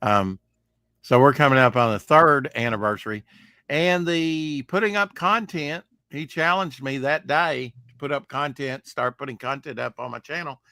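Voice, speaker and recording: Male live stream co-host, bright and forceful, dry close sound, rambling and jokey delivery. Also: mid-range voice, normal speed, no room sound. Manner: rambling, jokey, trails off mid-sentence. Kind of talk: casual live stream chat.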